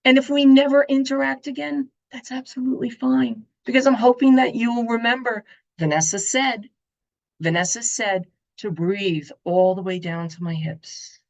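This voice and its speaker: A woman speaker giving a motivational summit talk, telling stories in an expressive, animated way. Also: on the high side, normal speed, vocal fry, muffled recording. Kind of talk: summit talk to an online audience.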